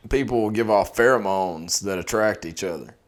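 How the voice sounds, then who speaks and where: A man's voice: lowish voice, normal speed. A man co-hosting a casual podcast, chiming in briefly and laughing a lot. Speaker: podcast co-host. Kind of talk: casual chat.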